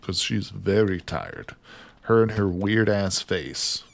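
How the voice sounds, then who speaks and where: A male game streamer with a somewhat low voice. He chats casually with his viewers, reads their comments aloud, and keeps breaking into laughter at his own jokes. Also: lively intonation, slow pace, vocal fry. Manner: jokey, laughs often, reads chat aloud. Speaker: livestreamer. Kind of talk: casual livestream chat while gaming.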